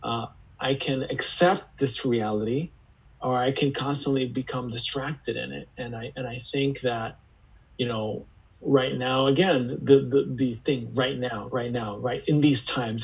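Earnest, husky-voiced reflective man. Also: mid-range voice, low-quality recording. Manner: earnest, searching, repeats words as he gathers thoughts. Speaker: podcast guest. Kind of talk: reflective conversational interview.

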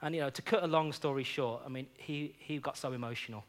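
A man's voice: mid-range voice, quick pace. A man preaching in a church, telling personal stories in an earnest, conversational way, often saying "you know". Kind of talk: sermon with personal storytelling.

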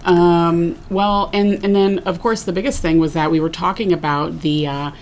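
Casting: woman, very low gravelly voice, chatty podcast co-host. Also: steady tone, moderate pace, a little mellow, slight background noise. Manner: laughs often, chatty, reads listener emails. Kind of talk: casual chat.

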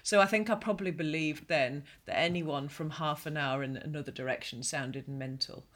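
A woman from Northumberland, England, co-hosting a podcast in casual chat. She is animated, giggly and exclamatory. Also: deep voice, moderate pace. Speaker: podcast co-host.

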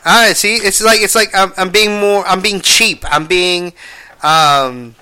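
A young man rambles through a casual podcast monologue in a fairly high, bright voice. He swears freely and keeps switching between quiet mumbling and loud, exasperated bursts. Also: a little slow, clear, resonant tone. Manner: profane, animated, swings between mumbling and exclaiming. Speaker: podcast host.

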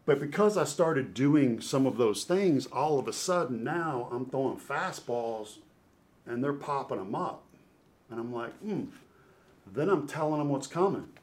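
A middle-aged man, a former ballplayer and podcast guest, telling an animated story. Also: medium pitch, moderate pace. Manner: animated storyteller who acts out scenes. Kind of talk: storytelling interview.

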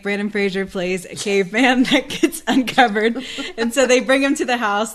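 A woman's voice: on the high side, fairly bright tone. A woman co-hosting a casual podcast chat, recounting a comedy scene in a playful, giggly way. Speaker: podcast co-host.

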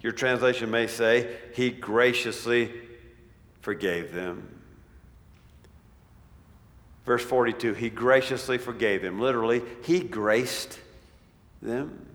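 Male preacher, slow deliberate delivery, dramatic dynamics, large church with long echo. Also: medium pitch. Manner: dramatic swings from loud declaiming to near-whisper. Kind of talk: sermon. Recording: long reverb of a large hall.

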